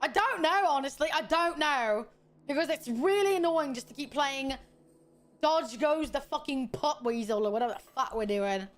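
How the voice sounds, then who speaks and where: A woman streamer giving live gameplay commentary, loud and quick to swear, often bursting into laughter. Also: sits high, expressive. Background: faint game music.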